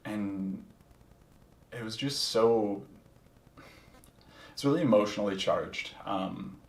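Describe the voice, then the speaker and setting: A man with a lowish, gravelly voice tells his own story on a podcast, candid and reflective, with casual swearing. The sound is roomy and a little distant, as if he sits back from the mic. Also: takes it slowly, darkish tone. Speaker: podcast host. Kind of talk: casual first-person storytelling.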